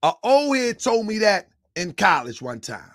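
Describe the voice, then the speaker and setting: A man's voice: sits high, very animated, a little slow, a bit bright, no echo, studio quality. A man giving a mocking reaction commentary, laughing often and lecturing in a taunting, preachy way. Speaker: online commentator.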